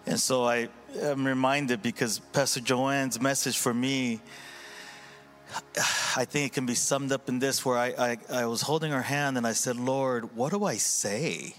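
Male pastor, mid-range voice, earnest, halting delivery with fillers. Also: medium pitch, steady tone, a bit bright, soft background music. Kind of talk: sermon reflection before communion.

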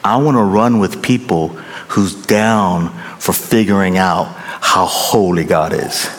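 A middle-aged male pastor preaching a sermon, animated and emphatic, repeating phrases for effect. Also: low voice, slow, a little hiss or hum. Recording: long reverb in large hall.

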